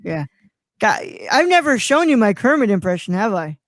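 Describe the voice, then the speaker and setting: A man's voice: high voice, big pitch swings, moderate pace, fairly bright tone, no echo. A man hosting a live online show, rambling and stalling with lots of restarts, on a close microphone. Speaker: host. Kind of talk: casual live-stream chat.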